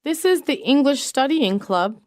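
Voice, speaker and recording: A woman reading business English sentences aloud in a measured, clearly enunciated way. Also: sits high, expressive, darkish tone, no room sound, studio quality. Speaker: English phrase reader. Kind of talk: slow read-aloud example sentences.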